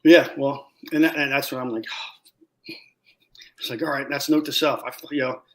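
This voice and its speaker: A man telling war stories in a casual interview, animated, acting out what people said and swearing freely. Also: mid-range voice, moderate pace. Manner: animated storyteller, acts out quotes loudly, swears. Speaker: guest, former Marine scout sniper.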